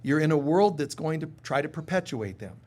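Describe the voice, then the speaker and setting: A man giving a live sermon in a casual, humorous way, who acts out little voices and drops to soft, quiet tones on serious points. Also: on the high side, animated, fairly quick. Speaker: spiritual teacher.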